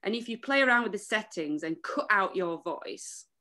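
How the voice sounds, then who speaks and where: A woman in her thirties from England, a musician chatting as a podcast guest, animated and laughing often. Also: mid-range voice, normal speed. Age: 30s. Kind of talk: casual podcast chat.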